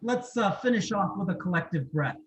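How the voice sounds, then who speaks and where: A man as a health coach leading a gentle self-love session, repeating soft questions to the group. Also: sits high, animated, a little fast, rough recording.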